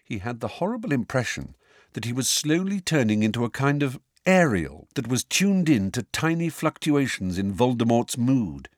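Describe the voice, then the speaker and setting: A man narrating an audiobook with an expressive, varied storytelling delivery. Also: medium pitch, dry recording, studio quality. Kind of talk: scripted narration.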